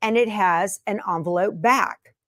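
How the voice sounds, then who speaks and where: A woman's voice: medium pitch, unhurried, a bit bright, dry recording, studio quality. A woman hosting her sewing channel in a chatty, homey way from her sewing room. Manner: chatty and homey, many fillers. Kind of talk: casual chat to camera.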